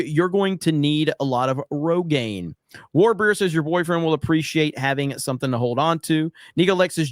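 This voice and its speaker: Laughing, profane livestream host, slightly high. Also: male voice, no echo, studio quality. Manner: loose and profane, laughs often. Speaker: podcast host reading viewer chats. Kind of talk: casual livestream chat.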